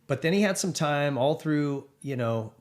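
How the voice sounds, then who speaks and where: A man's voice: a little high, lively intonation, moderate pace. A middle-aged man co-hosting a casual racing chat, enthusiastic and rambling, with plenty of fillers. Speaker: podcast co-host.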